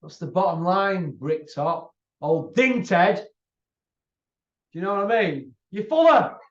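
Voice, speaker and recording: A high-voiced man rants and taunts in a combative, repetitive way. His voice sits off the mic in an echoey room. The recording sounds dull and lo-fi. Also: expressive, takes it slowly. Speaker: channel host. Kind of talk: ranting monologue to camera. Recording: roomy, distant, dull lo-fi sound.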